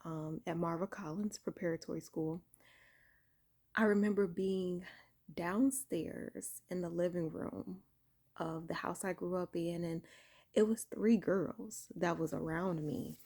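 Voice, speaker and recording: A woman casually telling a personal spiritual story indoors, keeping her voice low and soft so she doesn't wake her sleeping son. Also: fairly even intonation, unhurried, creaky. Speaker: vlogger sharing a spiritual testimony. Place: indoor room at home.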